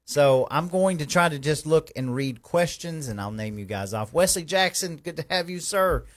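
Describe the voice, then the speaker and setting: A man hosting a live stream, giving folksy, rambling shout-outs to viewers. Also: on the high side, expressive, moderate pace. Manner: effusive, folksy, rambling with restarts.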